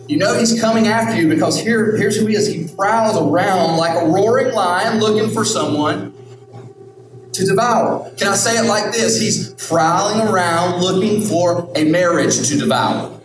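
A man's voice: sits high, noisy background. Echoey preaching man, emphatic. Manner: repetitive, emphatic, rhetorical questions. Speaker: pastor. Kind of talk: sermon. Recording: echoey hall, distant mic, music.

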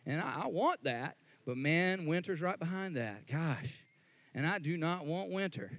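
A man preaching a sermon as a pastor, talking in a conversational way with frequent restarts and repeated words, getting louder when worked up. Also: on the high side, expressive, measured pace, no echo.

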